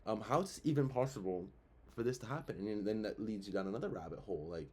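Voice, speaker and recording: A man's voice: fairly low pitch, expressive, fast talker, dark tone, slightly rough. A young man hosting his own show, talking through his views in a rambling, casual way, full of fillers and rhetorical questions. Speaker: show host. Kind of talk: casual commentary.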